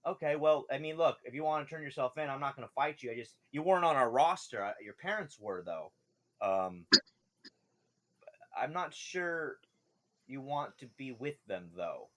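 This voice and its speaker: A man's voice: mid-range voice, animated, moderate pace, lightly acted. An actor playing a male drow guard who sweet-talks and then turns threatening, in a tabletop game. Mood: warning.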